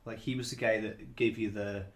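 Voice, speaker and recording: In a lowish, level voice at a moderate pace, a man co-hosting a casual movie podcast discusses films. He tends to ramble and repeat words before reaching his point.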